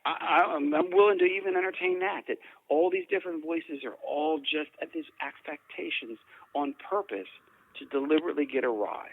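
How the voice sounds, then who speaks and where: A paranormal investigator, interviewed about paranormal recordings, talks in a rambling way with frequent restarts and repeated words. His voice is on the high side and fairly quick, dry but coming through a tinny, phone-like line.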